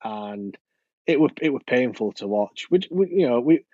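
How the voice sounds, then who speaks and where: A man, co-hosting a podcast and talking about football in a frustrated, halting way. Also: medium pitch, lively intonation, dark tone, dry recording. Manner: frustrated, hesitant, repeats himself. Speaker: podcast co-host. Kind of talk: football fan chat. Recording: dull dry lo-fi podcast audio.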